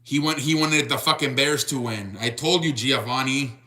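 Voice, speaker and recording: Bright young man chatting on a live stream. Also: mid-range voice, moderate pace. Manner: rambling, restarts, reads chat aloud. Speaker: sports show host. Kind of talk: casual live-stream chat with viewers.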